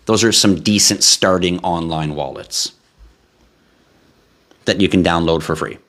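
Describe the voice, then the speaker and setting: A man with a very low voice hosts a casual live stream from a home studio. He talks straight to his viewers in a lively, chatty way. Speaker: livestream host.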